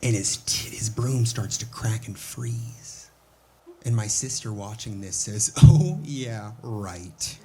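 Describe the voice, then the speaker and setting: A young man doing a stand-up comedy set on a club stage into a handheld mic, crude and mock-exasperated with a deadpan edge. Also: fairly low pitch, measured pace, a crowd in the background. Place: comedy club stage before a laughing audience.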